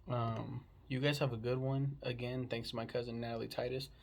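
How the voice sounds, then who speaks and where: A man's voice: mid-range voice, little pitch movement, fairly quick, vocal fry, a little hiss or hum. A man casually chatting about a book he read, rambling and swearing freely. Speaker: book reviewer. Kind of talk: casual book review chat.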